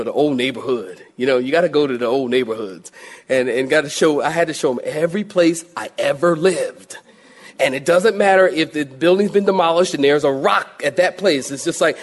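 A middle-aged man from Philadelphia preaches a sermon. His voice sits a little high for a man. He tells stories and acts out little voiced exchanges as he goes. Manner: storytelling with lively voiced asides and laughs. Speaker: pastor.

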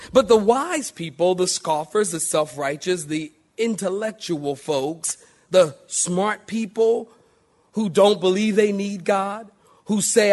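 Animated high-pitched male preacher. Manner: animated, swings from loud emphasis to quiet intimacy; addresses congregation with questions and calls for amen. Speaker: pastor. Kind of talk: sermon.

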